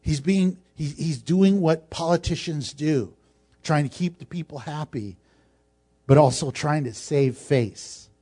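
A man's voice: fairly high pitch, a little slow, mellow, slightly rough. A male pastor giving a humorous, conversational sermon, acting out scenes as he teaches.

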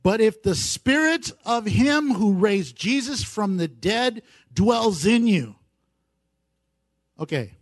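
A pastor delivers a sermon to his congregation in a notably high, light voice. He builds emphasis with repeated phrases and slips in playful jokes along the way. The sound is close and dry, with no room echo. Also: lively intonation, takes it slowly. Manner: preaching with rising emphasis and playful asides. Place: church service.

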